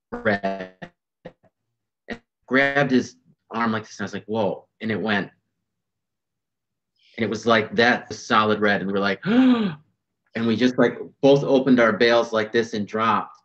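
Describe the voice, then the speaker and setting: A man telling fishing stories in a casual podcast chat, animated and full of fillers. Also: fairly low pitch. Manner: animated, fast storytelling with fillers. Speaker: podcast guest, bass angler. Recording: dull lo-fi sound.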